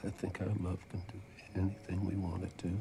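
An actor playing a devoted elderly husband, speaking tenderly and softly in a film scene. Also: male voice, deep voice, monotone, a little fast, creaky, heavy background noise. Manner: tender, soft-spoken. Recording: film audio under loud score.

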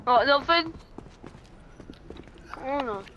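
A female player in casual banter over a video game, teasing and giggling, stammering when excited. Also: high voice, extremely slow, highs cut off. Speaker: gamer.

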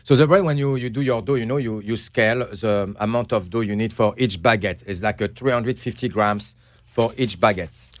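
A middle-aged man with a French accent, a bakery owner chatting as a guest, who pauses often to search for English words. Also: lowish voice. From France. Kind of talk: casual interview chat.

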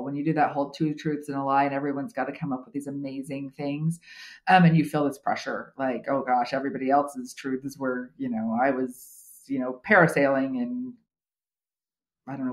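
A middle-aged American woman, an HR consultant and podcast guest, talking in a wry, self-mocking way with many fillers. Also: low-pitched. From United States. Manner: humorous, self-deprecating, chatty with many fillers. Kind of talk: conversational interview.

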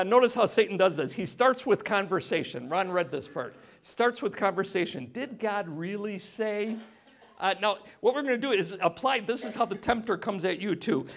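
A man's voice: high-pitched, a bit bright. A man preaching a sermon as pastor, talking in a conversational way with many rhetorical questions and frequent fillers. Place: church sanctuary.

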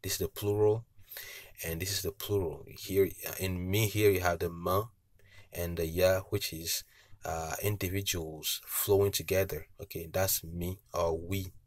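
Male language teacher, deep and very slow, hesitant fillers, dry close sound. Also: fairly even intonation, no echo. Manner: patient, repeats each word slowly with tone cues; frequent hesitations with uh and okay. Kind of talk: slow spoken language lesson.

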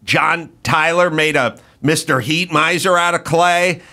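Bright-voiced middle-aged man telling crude stories. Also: fairly high pitch, fairly even intonation, measured pace. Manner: rambling, profane anecdotes told with mock outrage. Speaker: podcast host. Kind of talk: casual storytelling chat.

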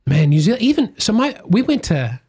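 A man's voice: high-pitched, very animated, brisk, mellow, breathy edge. An Australian man, a comedian guest, chatting casually on a podcast in a wry, joking, rambling way.

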